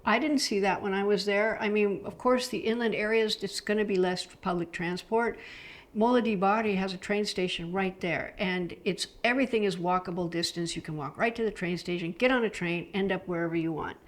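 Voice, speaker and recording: A woman's voice: medium pitch, brisk. A middle-aged woman from the United States chatting casually about travel, enthusiastic and loose, with frequent fillers. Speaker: travel vlogger.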